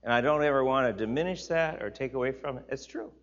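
A man's voice: mid-range voice, fast talker, fairly bright tone. A man teaching a Bible class in an informal sermon, chatty and emphatic, repeating words for stress and turning to listeners with asides. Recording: slightly dull, lo-fi recording.

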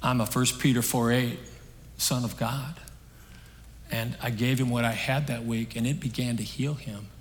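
A man preaching a sermon on a stage, telling a story in an earnest, conversational way that swings between emphatic and hushed. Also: medium pitch, steady tone, normal speed. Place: stage in a large hall. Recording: long hall reverb.

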